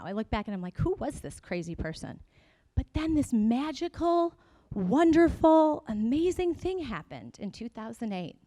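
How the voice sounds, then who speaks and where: Animated woman telling her founder story. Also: fairly high pitch. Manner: animated and chatty, with sarcastic asides to the audience. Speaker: company founder giving a keynote. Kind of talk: conference keynote storytelling. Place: conference stage before an audience.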